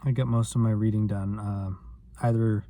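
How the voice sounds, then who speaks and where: A man's voice: fairly low pitch, little pitch movement, moderate pace, mellow. A man vlogging in a rambling, self-deprecating casual chat, full of filler words.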